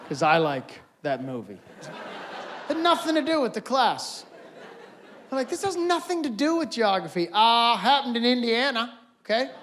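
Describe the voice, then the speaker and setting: Male stand-up comedian with a high voice, lively and loud on the punchlines, live on a stage mic. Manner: animated, shouts punchlines, mimics characters.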